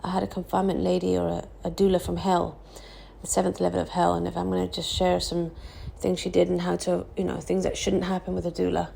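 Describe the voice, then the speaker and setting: Croaky, exhausted new mum. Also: female voice, on the low side, completely flat delivery, fast, dark tone, a little hiss or hum, poor audio. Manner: candid, rambling with fillers and restarts. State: hoarse, exhausted from no sleep. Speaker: vlogger, new mother. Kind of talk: casual confessional vlog.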